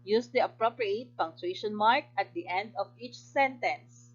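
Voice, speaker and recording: A woman teacher with a Filipino English accent, giving a recorded grammar lesson in a clear, instructive way and praising answers. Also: medium pitch, measured pace, dull audio.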